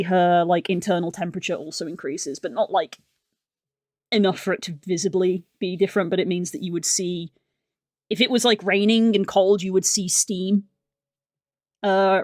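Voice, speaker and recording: A woman streamer chatting casually and excitably on a live art stream, rambling through tangents from a room at home. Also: lowish voice, dry recording, studio quality. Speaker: livestreamer.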